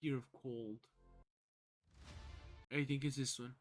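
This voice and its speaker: A man's voice: medium pitch, fairly even intonation, takes it slowly, faint music behind. A young man streaming casual reaction commentary, rambling with many fillers and the odd swear word.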